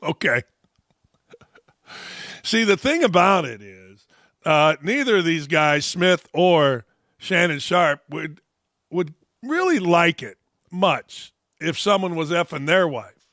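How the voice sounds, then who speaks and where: A man's voice: fairly high pitch, lively intonation, slow, pauses often, a bit bright, dry recording, clean studio sound. A middle-aged man hosting a sports talk show, ranting bluntly and profanely about the news.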